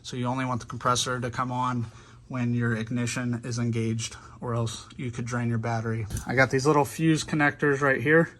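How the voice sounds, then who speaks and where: A man with a medium-pitched, fairly bright voice talks a little fast with fairly even intonation, over slight background noise. He hosts a car channel and casually walks viewers through a hands-on DIY install step by step while working in a vehicle workshop.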